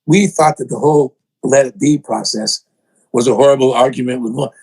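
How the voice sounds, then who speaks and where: An older man, a songwriter and producer, telling animated stories in an interview, acting out other people's voices and poking fun at himself. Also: medium pitch, a little fast, slightly rough, poor audio. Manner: excitable, acts out voices in quotes, self-mocking.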